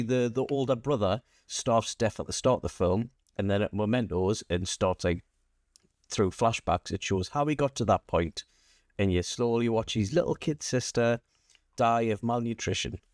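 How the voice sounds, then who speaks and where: Deadpan man co-hosting a chat. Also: lowish voice, normal speed, no echo, studio quality. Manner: deadpan, teasing. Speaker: podcast co-host. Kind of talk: casual chat.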